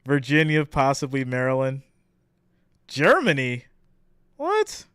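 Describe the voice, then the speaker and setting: A man from New York hosting his live stream, reading out guesses from his chat and breaking into laughs. His voice is smooth and clean, and he talks at an unhurried, slow pace. The sound is dry and close, with no room echo. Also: medium pitch. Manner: reads viewer guesses aloud, laughing often.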